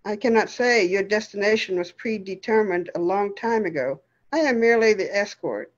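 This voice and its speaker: A woman voicing a calm, patient male personification of Death who speaks in a measured, formal way. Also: medium pitch, muffled recording, close to an everyday voice.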